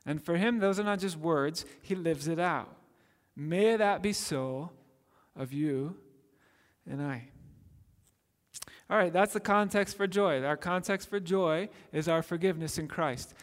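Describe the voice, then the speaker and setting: A man preaching a sermon as pastor, earnest, drawing out key phrases slowly for emphasis. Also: sits high. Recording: long hall reverb.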